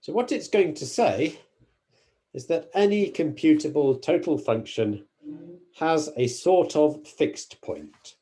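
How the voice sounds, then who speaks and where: A male university lecturer talks through a mathematics lecture with a mellow, warm tone. He explains carefully, correcting himself and filling pauses with small hesitations. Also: a little high, animated. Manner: careful, self-correcting explanations with frequent fillers.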